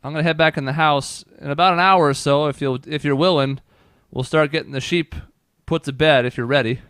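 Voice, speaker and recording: A woman's voice: low voice, steady tone, a little fast, fairly bright tone, no room sound, studio quality, pitched above the performer's own voice. A man voicing an older country farm mother. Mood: folksy.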